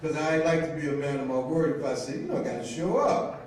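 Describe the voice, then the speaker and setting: A middle-aged man from Mississippi, serving as an intern minister, shares a humorous personal testimony with a congregation. His fairly high, darkish voice has lively intonation and drawn-out phrasing, recorded from far off in an echoey hall with slight background noise.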